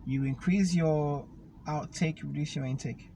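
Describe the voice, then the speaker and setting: A man's voice: on the high side, measured pace, vocal fry, mellow. A man, casually explaining fitness and food with step-by-step analogies while riding in a car. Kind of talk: casual conversation. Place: inside a car. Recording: noisy car recording.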